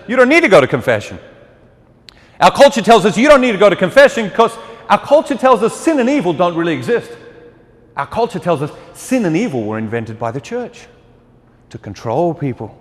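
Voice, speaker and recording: A man's voice: high voice, big pitch swings, fairly quick. A man speaking as a deacon, giving a humorous talk to a live audience, joking and quizzing the listeners and laughing at his own lines. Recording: long hall reverb.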